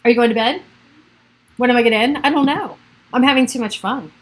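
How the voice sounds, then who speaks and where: A woman's voice: fairly high pitch, fast, rough recording. Chatty middle-aged woman rambling on a livestream. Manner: chatty, rambling, laughs often. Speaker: realtor hosting a livestream. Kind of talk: casual rambling livestream chat. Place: at home by a computer.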